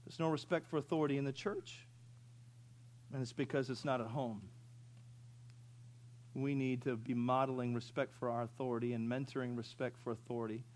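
A man's voice: medium pitch, fairly even intonation, brisk, pauses often, a little mellow. A man in his fifties preaching a sermon, who tells funny stories and asks the congregation questions. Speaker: pastor.

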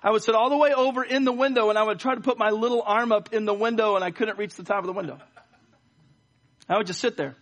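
Quick-paced and steady in tone, this middle-aged pastor's high-pitched, slightly bright voice carries his sermon and prayer in church. His storytelling is marked by frequent stammered word repeats.

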